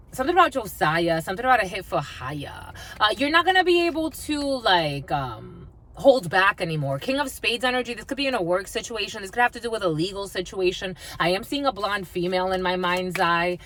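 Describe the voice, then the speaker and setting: A woman psychic gives a channeled tarot reading, blunt and swearing freely, sometimes half-singing her lines. Her voice is medium-pitched and a bit bright.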